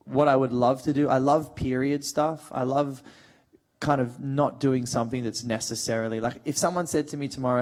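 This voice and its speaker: A man's voice: medium pitch, steady tone, a little fast, darkish tone. A jokey man in his thirties, chatting loosely with fans at a panel. He rambles and goes off on tangents, with a mid-range voice. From Australia. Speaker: actor guest on a fan panel. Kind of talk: casual panel chat.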